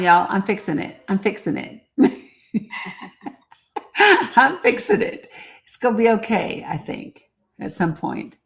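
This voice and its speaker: Woman, live-stream host, casual chat, bubbly, greets viewers by name. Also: fairly low pitch.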